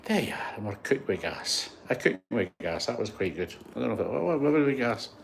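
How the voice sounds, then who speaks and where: A man's voice: on the low side, lively intonation, fairly quick, creaky, slight background noise. A Scottish man in his sixties giving a rambling, chatty walking-tour vlog with a phone on a gimbal, poking fun at himself. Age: 60s. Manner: chatty, rambling, self-deprecating. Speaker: vlogger. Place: outdoor heritage museum grounds. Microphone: handheld phone on gimbal.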